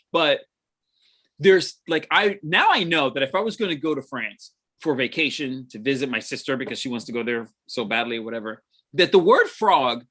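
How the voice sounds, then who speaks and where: A man's voice: fairly high pitch, a bit bright. A man chatting casually on a livestream, rambling with many restarts and frequent laughs. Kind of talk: casual chat.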